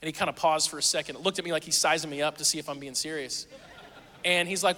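Speaking fast in a high, bright voice, a male pastor in his thirties shifts from relaxed family anecdotes to earnest instruction, quoting others with animation. A long reverb from the church auditorium follows him, and there's slight background noise.

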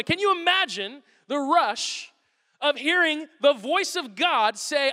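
A man in his thirties preaching a sermon as a pastor, animated and acting out quotes in different voices. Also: very high voice, moderate pace. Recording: long reverb of a large hall.

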